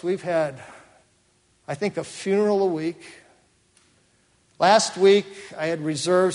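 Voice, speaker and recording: A man pastor telling a story in a sermon, acting out the voices of the people in it. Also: fairly high pitch. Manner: storytelling, acts out quoted voices. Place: church sanctuary. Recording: long hall reverb.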